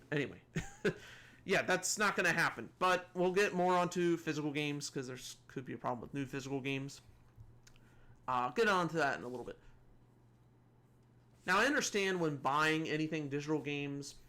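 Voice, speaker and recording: A pushed, bright voice with fairly high pitch carries this man's casual gaming commentary. Restarts and asides pile up as he rambles, chuckling at what he finds funny.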